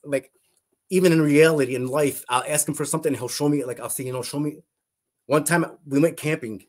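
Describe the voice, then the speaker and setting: A man's voice: fairly high pitch, fairly quick, a little mellow. A man, a guest in an interview, telling an emotional faith testimony in an earnest, fervent way, often repeating words and restarting his sentences. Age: adult.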